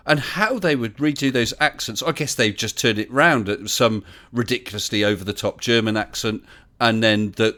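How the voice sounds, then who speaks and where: A man's voice: medium pitch, fairly bright tone. A man hosting a casual live-stream chat, laughing often and reading out messages from chat. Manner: chatty, laughs often, reads chat aloud. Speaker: host.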